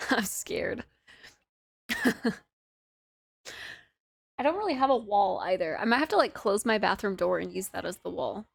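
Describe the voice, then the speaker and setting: A young woman livestreamer chatting casually with her viewers from her apartment, playful and cutesy, drowsy and relaxed. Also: mid-range voice, quick pace, vocal fry, hardly any pauses, no room sound, studio quality. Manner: cutesy, playful baby talk. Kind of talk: casual chat with stream viewers.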